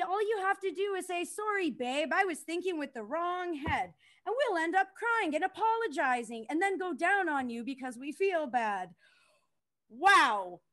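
A woman's voice: high voice, fairly bright tone. A young woman doing a crude stand-up comedy set, self-deprecating, laughing at her own jokes and talking to the crowd.

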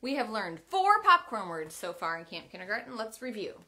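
A young woman teaching an online kindergarten class from home, in an animated, sing-song voice and a little out of breath. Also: medium pitch, fairly quick.

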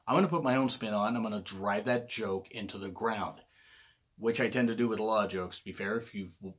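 A man's voice: fairly low pitch, husky. A man hosting his own casual review vlog, rambling and joking, often correcting himself mid-sentence. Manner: rambling, jokey, self-correcting. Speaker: wrestling show reviewer.

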